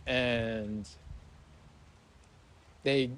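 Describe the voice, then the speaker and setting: A young man hosts a casual podcast conversation, his voice sitting at an ordinary middle pitch. He tells stories with animation, acting out the people in them, and his talk stays loose and conversational throughout. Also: very slow, clean tone. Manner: animated storyteller who acts out scenes with loud shouts. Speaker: podcast host. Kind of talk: casual chat.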